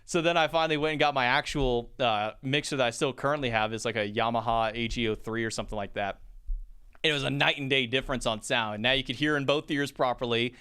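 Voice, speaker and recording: A man telling stories in a casual chat. He talks quickly and rambles, with plenty of fillers and restarts. His voice is clear and crisp. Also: medium pitch, fairly even intonation, bright, forceful tone. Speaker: esports caster and podcast guest.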